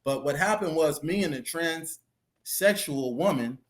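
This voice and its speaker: A man with a fairly high voice, talking in a loose, animated way and peppering his telling with slang and little fillers. He sounds like a guest sitting down for a relaxed interview. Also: measured pace. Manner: chatty, animated retelling with street slang and fillers. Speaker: interview guest, former reality show contestant. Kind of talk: casual storytelling interview.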